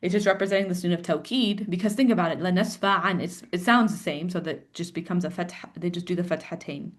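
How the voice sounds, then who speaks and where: A woman's voice: on the low side, fast. A woman leads an online Arabic grammar class, explaining points patiently. She keeps encouraging her students with short words of approval. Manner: encouraging, explains patiently with frequent "yeah" and "good".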